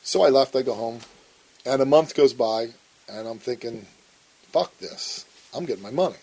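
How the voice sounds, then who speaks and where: A man's voice: mid-range voice, a little fast, a little mellow, poor audio. A man telling a story in a blunt interview, swearing often and acting out the arguments he recounts. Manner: blunt and profane, acts out quoted arguments. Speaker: interview guest.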